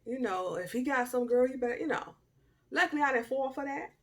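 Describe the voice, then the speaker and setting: Young woman, storytime vlog, casual, dramatic, slangy, bursts loud then drops low. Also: a little fast. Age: young adult. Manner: animated, dramatic, swings from loud outbursts to low murmurs; informal Southern-style slang and asides. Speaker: storytime vlogger.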